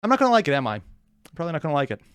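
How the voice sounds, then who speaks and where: A man hosting a reaction video, chatting in an excitable, rambling way. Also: a little high, very fast, clear, resonant tone, dry recording. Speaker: reaction channel host. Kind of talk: casual reaction commentary.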